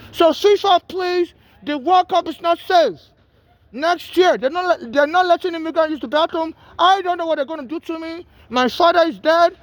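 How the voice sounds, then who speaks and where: A man with a strikingly high-pitched voice, talking straight to camera. He rambles and pleads, circling back and repeating himself with urgency. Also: no echo. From Nigeria. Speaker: homeless man filming a plea. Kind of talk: urgent direct-to-camera plea.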